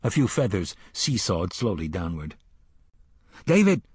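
Low, husky male audiobook narrator. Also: lively intonation, no room sound, studio quality. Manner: measured, dramatic storytelling.

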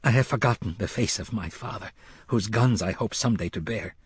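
A man doing a proud, eager young boy in an audiobook. The voice is lifted well above his own low register, and the boy sounds bright and confident. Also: normal speed, slightly rough, dry recording.

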